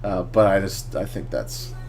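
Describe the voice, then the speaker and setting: A man's voice: deep voice, a little mellow. Joking man chatting on a podcast. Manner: joking, quick to laugh and ramble. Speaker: podcast co-host. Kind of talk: casual chat.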